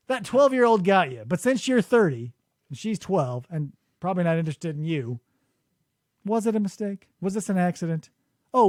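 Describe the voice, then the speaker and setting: A man hosting a casual comedic podcast chat in a studio, animated and mocking, slipping into quick impressions. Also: high voice, dry recording. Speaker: podcast host. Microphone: studio mic.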